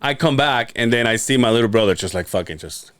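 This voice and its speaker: A man's voice: mid-range voice, quick pace, clean tone, dry recording, studio quality. A man hosting a podcast, telling a story in casual chat, cursing freely and acting out quotes with laughs. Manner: profane, animated storyteller, acts out quotes with laughs. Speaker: podcast host.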